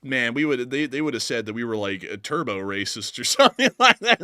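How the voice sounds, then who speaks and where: A man from the Southern United States hosting a casual livestream, excitable and quick to say "dude". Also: mid-range voice, no echo, studio quality. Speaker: host.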